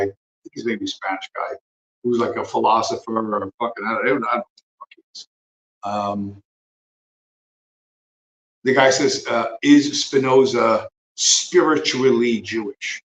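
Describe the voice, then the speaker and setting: A man's voice: lowish voice, a bit bright, reverberant, low-quality recording. A man hosting a livestream, talking in a profane, rambling, sarcastic way. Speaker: livestream host. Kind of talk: casual rambling commentary.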